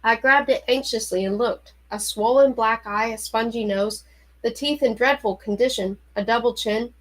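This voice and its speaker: Woman reading a novel aloud, expressive and fairly high-pitched, startled and anxious in turns. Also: moderate pace, low-quality recording. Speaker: reader.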